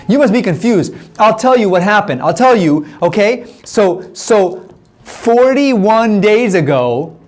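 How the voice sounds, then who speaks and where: A man voicing a bitter, complaining male Israelite spy in a children's church story, speaking straight to the kids. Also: sits high.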